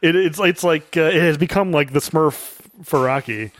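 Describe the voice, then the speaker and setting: A young man co-hosting a podcast, chatting casually about a film and breaking into quick voices for the characters. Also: on the high side. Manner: animated, acts out movie quotes in character voices. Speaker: podcast co-host.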